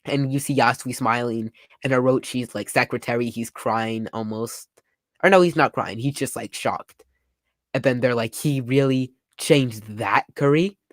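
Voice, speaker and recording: A man's voice: mid-range voice, normal speed, no room sound. Young guy doing a casual comic reaction, hyped and chatty, dry close sound. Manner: excitable, summarizing panels with frequent "like". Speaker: manga reaction youtuber. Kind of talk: casual live reading and reaction.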